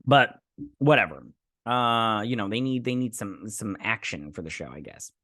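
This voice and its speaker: A man's voice: lowish voice, expressive, moderate pace, a bit bright. A man hosting his own channel, giving a casual, rambling review and recap of a TV episode with frequent asides.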